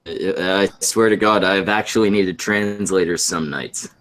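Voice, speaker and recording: A man's voice: low voice, fairly even intonation, unhurried, a bit bright. A man co-hosting a livestream, making blunt and profane remarks in casual chat.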